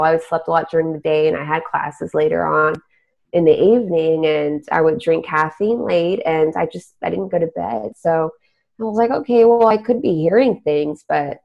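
A young adult woman from Texas hosts a podcast, telling a spooky story in casual chat and letting her sentences trail off. Her voice is low and creaky, captured in a dull lo-fi recording.

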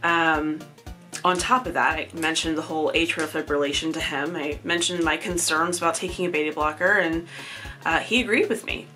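Woman, 30s, casual vlog, candid, self-mocking laughs, tired, lowish voice, faint background music. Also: fairly even intonation, moderate pace, pushed and bright. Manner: chatty, candid, laughs at herself. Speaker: vlogger. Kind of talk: casual personal update.

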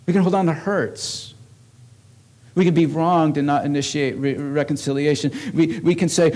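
A man's voice: on the high side, normal speed, a little mellow. A man preaching a sermon as a pastor at a church service, earnest and emphatic.

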